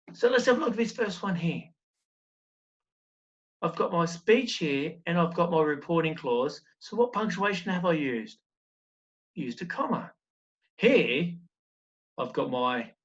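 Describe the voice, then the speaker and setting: A man's voice: fairly high pitch, a bit bright, highs cut off. A man teaching a recorded primary school lesson, explaining step by step and asking encouraging questions.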